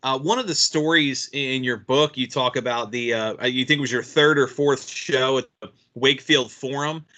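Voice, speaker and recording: A man's voice: mid-range voice, normal speed, bright, forceful tone. A man hosting an interview, casually asking about a guest's book. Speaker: podcast host. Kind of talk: interview questions.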